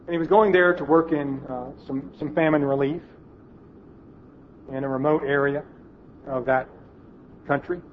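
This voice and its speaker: A man preaching a sermon in an auditorium, telling a story and dropping to a hush at its emotional moments. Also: on the high side, steady tone, moderate pace, pauses often, narrow, tinny audio, slight background noise.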